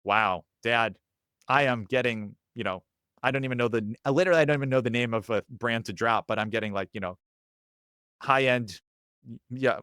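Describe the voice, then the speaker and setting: A man in his thirties chatting casually as a podcast guest, acting out quoted voices with lively swings. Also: mid-range voice, fast, pauses often, no echo, studio quality. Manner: animated, acts out quoted voices. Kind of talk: casual chat.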